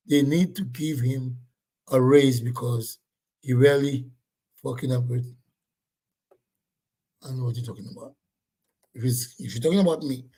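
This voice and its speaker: A man hosting a casual livestream, reading viewer comments and scolding them in a loud, blunt, repetitive way. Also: medium pitch, husky.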